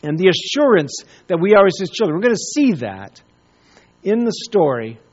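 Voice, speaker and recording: A man preaching a sermon, telling a story with pauses and repeated words. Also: high voice, sing-song, a little mellow, dull audio. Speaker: pastor.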